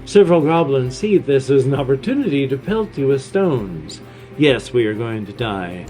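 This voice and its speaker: A man's voice: mid-range voice, sing-song, moderate pace, warm tone, soft background music. A man in his fifties giving gameplay commentary, sarcastic and self-deprecating, rambling between bits of read-out game text. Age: 50s. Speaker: gamer.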